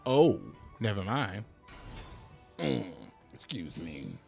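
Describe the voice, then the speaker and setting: Casting: lively male streamer, animated swings in pitch, chatty and joking, faint music underneath. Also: moderate pace. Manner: animated, laughing, chatty with chat viewers. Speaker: game streamer. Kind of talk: live gameplay commentary.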